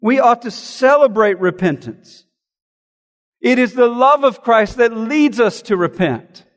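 A man's voice: very high voice, lively intonation, a little slow, long reverb tail. A man, a pastor, preaching a sermon in an earnest, emphatic way, often asking rhetorical questions.

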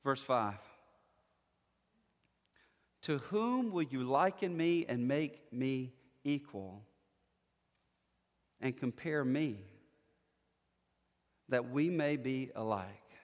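A man preaching a sermon as pastor, measured and emphatic, leaning on slow, stressed phrases. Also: medium pitch, expressive, big-room sound.

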